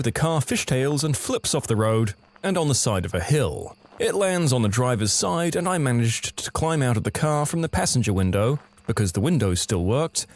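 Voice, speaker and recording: A man narrating scripted first-person stories in a lively storytelling manner. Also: mid-range voice, slight background noise.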